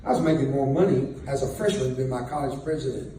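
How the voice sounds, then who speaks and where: A man's voice: mid-range voice, fairly even intonation, fast, dark tone. Older man telling stories in an echoey room. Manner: folksy, joking, chuckling through lines. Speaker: speaker telling his war story. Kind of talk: storytelling talk to an audience. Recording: very echoey room, distant mic, faint noise.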